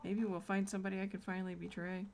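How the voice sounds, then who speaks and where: Woman, game streamer, excitable and chatty, faint background noise. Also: medium pitch, fast. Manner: excitable, chatty, drifts into soft murmurs while playing. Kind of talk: casual gameplay commentary. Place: home room.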